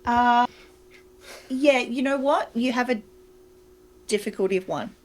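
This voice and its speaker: A woman narrating a tabletop horror game as storyteller, unhurried and often pausing with fillers as she searches for words. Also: fairly high pitch.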